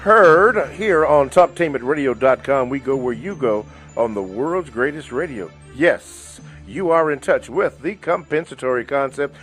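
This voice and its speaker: A man's voice: mid-range voice, animated, measured pace, hardly any pauses, a bit bright, soft background music. A man co-hosting a live radio talk show, backing up his guest with short affirmations and chuckles, then reading the show's welcome.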